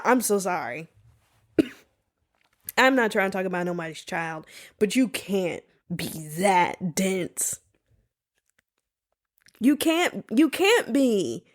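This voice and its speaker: A woman hosting a solo podcast, telling stories in a sassy, animated way. She talks casually, saying "y'all" and "baby", and puts on playful voices when she quotes people. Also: mid-range voice. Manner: colloquial, says "y'all" and "baby". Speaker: podcast host.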